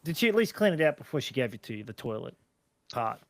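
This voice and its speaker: A man's voice: mid-range voice, big pitch swings, fast, no echo. A man, co-hosting a casual podcast chat, chatty and rambling with frequent laughs and restarts. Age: 30s. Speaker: podcast co-host.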